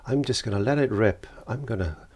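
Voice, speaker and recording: A man voicing a lonely, misunderstood little storm cloud, speaking gently. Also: lowish voice, fairly quick, breathy edge. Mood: wistful.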